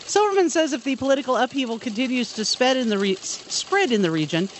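A man's voice: very high-pitched, lively intonation, fast talker, a little hiss or hum. A man hosting a radio show, reading news stories and joking along with his co-host. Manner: reads headlines, then jokes along.

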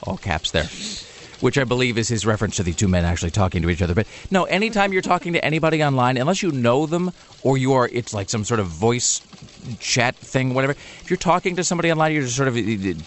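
A man's voice: mid-range voice, animated, quick pace. A man hosting a radio talk show, bantering wryly and rambling through a sponsor read with plenty of fillers. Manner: rambling, wry, full of fillers.

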